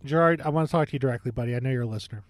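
A man's voice: mid-range voice, racing, no echo. A man co-hosting a casual movie review podcast, joking and rambling with many fillers. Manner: jokey, rambling, lots of fillers.

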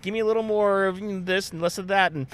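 A man co-hosting a podcast in casual chat, enthusiastic and quick with asides. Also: sits high, steady tone, clean tone. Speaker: podcast co-host.

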